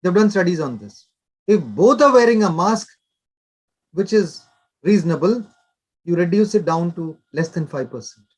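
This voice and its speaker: An older male doctor gives advice in an interview. His voice sits fairly high, and he talks instructively in short, repeated directives. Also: animated, normal speed, pauses often, husky. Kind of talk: explanatory interview talk.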